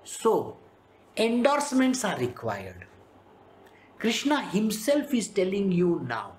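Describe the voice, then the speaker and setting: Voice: medium pitch, wildly swooping pitch, slow, darkish tone, a little hiss or hum. A spiritual teacher with an Indian English accent giving a conversational devotional talk on scripture, slipping into playful voices for quotes. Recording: roomy echo.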